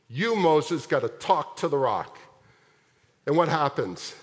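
A male pastor delivers a sermon in a large church, his fairly high voice trailing into a long hall reverb. He retells the story with animated energy, firing rhetorical questions at the congregation.

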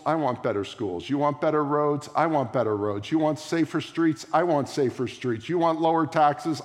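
Male pastor preaching in a reverberant hall. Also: medium pitch. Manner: emphatic, repetitive preaching cadence with big swings in loudness. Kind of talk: sermon. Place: large room before a congregation.

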